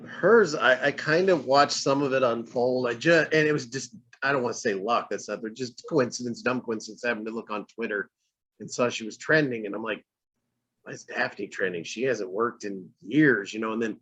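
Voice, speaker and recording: A man co-hosting a podcast, telling a story in an animated way and getting worked up. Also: medium pitch, a little fast. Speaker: podcast co-host. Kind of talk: casual podcast chat. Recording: dull lo-fi audio.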